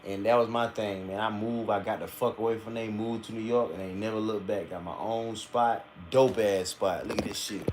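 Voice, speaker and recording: A man streaming a live reaction, telling blunt, profane stories in a casual and animated way. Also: on the low side, fairly quick, hardly any pauses, slight background noise.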